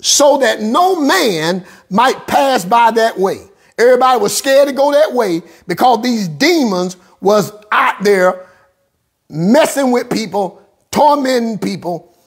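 Woman pastor preaching hard, raspy voice, pitch all over the place, repeats lines and shouts. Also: lively intonation, slow. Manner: rhythmic, repetitive preaching that builds to shouts; informal dialect phrasing. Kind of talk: sermon.

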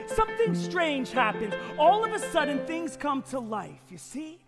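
High-voiced man doing kids' magic patter. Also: very animated, a little slow, hardly any pauses. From United States. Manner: upbeat, playful, leads call-and-response with the audience. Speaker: family magician. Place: concert hall stage. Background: music playing.

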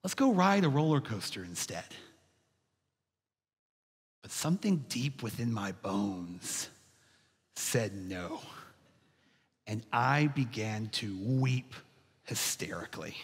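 Preacher guy, kinda high husky voice, folksy storytelling sermon, big echoey church. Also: fairly bright tone. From Texas. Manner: storytelling, folksy, addresses congregation as y'all. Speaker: pastor. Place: church sanctuary. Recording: reverberant church sanctuary.

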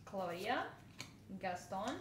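A woman's voice: mid-range voice, animated, slow. A woman chatting casually through a card unboxing, giggling and squealing over cute cards. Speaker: vlogger. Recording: echoey room, faint noise.

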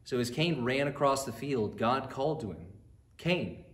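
A man's voice: mid-range voice, expressive, moderate pace, fairly bright tone. A man from a church narrating a bedtime Bible story and earnestly preaching its lesson to children. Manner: earnest, addresses children directly. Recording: roomy echo.

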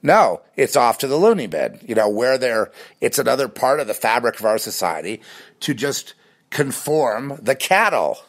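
A man talking in a rambling, animated casual monologue with many restarts. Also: mid-range voice, fairly quick, few pauses.

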